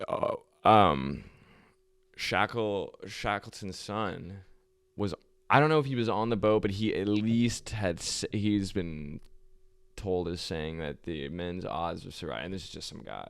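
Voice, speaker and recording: A man's voice: sits low, vocal fry, fairly bright tone, smooth, no echo. A young man hosting a podcast, telling a history story in a loose, profane, rambling way and laughing often. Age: young adult. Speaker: podcast host. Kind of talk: casual storytelling chat.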